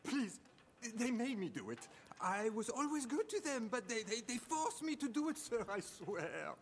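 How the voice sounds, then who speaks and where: In a video game, a nervous pawnbroker with a French accent, smooth and eager to please. His pitch swings widely between lines. Steady noise sits under the game audio. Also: moderate pace, full character voice. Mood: pleading. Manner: fawning shopkeeper, then pleading. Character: nervous, cowering male pawnbroker.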